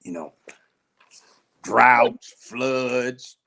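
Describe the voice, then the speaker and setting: A man's voice: mid-range voice, very slow, gravelly, bright, forceful tone. Blunt profane man, telling a story. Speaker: judge, show guest. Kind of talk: opinionated talk show chat.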